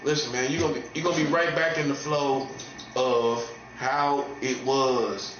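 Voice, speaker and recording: A man delivering a taunting monologue as a self-styled preacher, repeating phrases and swinging from mocking highs to low, earnest tones. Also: steady tone, moderate pace, background noise. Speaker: street preacher. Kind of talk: provocative monologue. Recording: roomy dull lo-fi recording with faint ambience.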